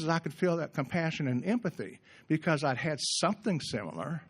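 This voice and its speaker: A middle-aged man giving a gentle, reflective recovery workshop talk in a conversational way, often restarting his sentences. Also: high-pitched, husky. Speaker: workshop speaker.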